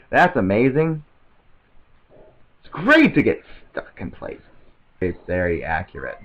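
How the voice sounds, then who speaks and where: A man giving casual, excitable gameplay commentary, rambling to himself and often stammering over restarts. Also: on the low side, takes it slowly, long pauses, dull audio. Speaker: let's play commentator.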